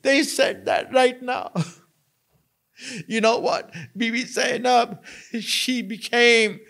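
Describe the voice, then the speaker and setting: A man's voice: extremely high pitch, fairly even intonation, takes it slowly, vocal fry, fairly bright tone. A man preaching a sermon, telling a story with quoted dialogue and repeating lines for emphasis. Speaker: preacher giving a majlis.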